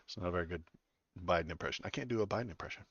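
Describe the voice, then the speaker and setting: A man's voice: deep voice, rapid-fire, slightly rough, dry recording. A man hosting a political livestream, reading news aloud and answering it with sarcastic, rambling commentary full of fillers and restarts. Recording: dull lo-fi, dry.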